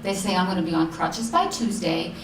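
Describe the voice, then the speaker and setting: A woman voicing her young adult daughter, recovering from surgery, in a soft, subdued way. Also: fairly low pitch, expressive, fairly quick, noisy background, pitched below the performer's own voice, lightly acted. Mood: breezy. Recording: roomy hall sound, distant mic.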